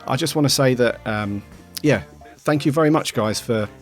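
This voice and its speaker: A man's voice: medium pitch, normal speed, faint music behind. A man hosting a podcast he started, talking in an easygoing, rambling way with many ums as he thanks listeners. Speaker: podcast host and founder. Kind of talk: casual chat.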